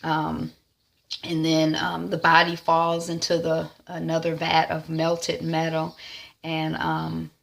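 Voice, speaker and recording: A woman's voice: sits low, monotone, slow pace, gravelly. A woman giving a casual TV episode recap, retelling scenes loosely with lots of ums and "is like.". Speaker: TV recap vlogger.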